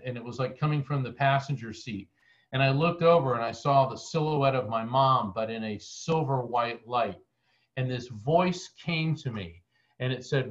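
A man's voice: medium pitch, fairly bright tone. A man speaking as a guest medium on a video call, telling a personal story in an earnest, conversational way. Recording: dull lo-fi video call audio.

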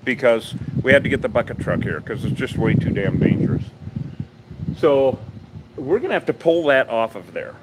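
A man who runs a bee removal business, livestreaming from a busy town street in a profane, rambling, excitable way. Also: mid-range voice, moderate pace. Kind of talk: casual livestream narration on site. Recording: noisy outdoor street recording.

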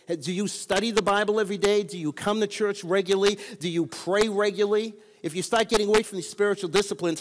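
A male pastor delivers a sermon with a high-pitched voice, calling on his listeners to answer back. His voice rings out with a long reverb from the church sanctuary around him. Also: a little hiss or hum. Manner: preaching with call-and-response prompts.

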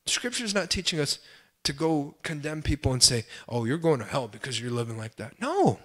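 A young adult man, a pastor, preaching a sermon with impassioned swells and pleading cries, then dropping to quiet, self-deprecating asides. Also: medium pitch, brisk.

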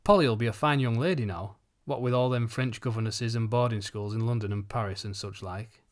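A man's voice: mid-range voice, fairly quick, natural voice. A man doing a drowsy old Yorkshire farmer. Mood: gruff. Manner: gruff, dialect speech.

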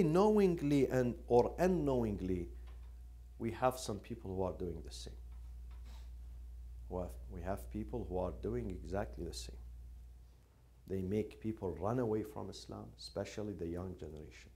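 A man's voice: lowish voice, lively intonation, moderate pace, dark tone. Impassioned man lecturing with repeated phrases. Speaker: lecturer on Quranic studies. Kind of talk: religious lecture.

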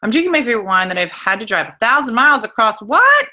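A woman's voice: a little high, animated, rapid-fire, pushed and bright. A middle-aged woman hosting a live wine-tasting stream, chatting casually, laughing and reading viewer comments aloud. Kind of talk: casual livestream chat.

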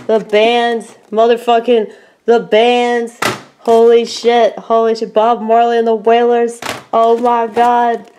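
A woman, chatting excitedly and swearing freely as she unboxes a package in a casual vlog. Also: a little high, slight background noise. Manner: giddy, excitable, swears freely, repeats herself. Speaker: vlogger.

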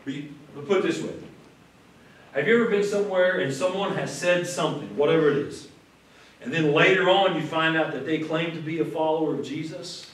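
Male pastor, fairly high voice, lively storytelling sermon, heavy room echo, mic at a distance. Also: a little fast. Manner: conversational, repeats words, acts out quotes with rising emphasis. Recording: echoey room from far off.

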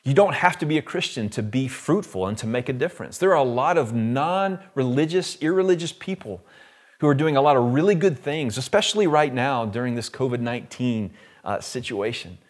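A man's voice: mid-range voice, animated, brisk. A male pastor preaching a sermon in an earnest, reflective way, posing questions to listeners.

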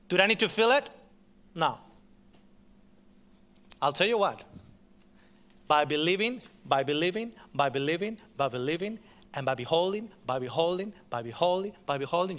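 A man preaching a sermon to a gathered audience, impassioned, repeating his phrases and swinging between loud and hushed delivery. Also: on the high side, animated, brisk.

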